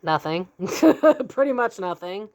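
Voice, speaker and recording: A young woman with a slightly low voice reads tarot cards for her viewers in a loose, chatty way. She is blunt, curses casually and breaks into laughter. She talks plainly and candidly throughout. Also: moderate pace. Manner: blunt and candid, swears freely, laughs often. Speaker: psychic tarot reader. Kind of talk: casual spoken tarot reading.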